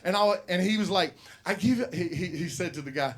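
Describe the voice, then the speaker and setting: A man's voice: sits high, brisk. A man hosting an open mic comedy night, telling a rambling, profane story to the crowd. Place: comedy club. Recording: live room with audience.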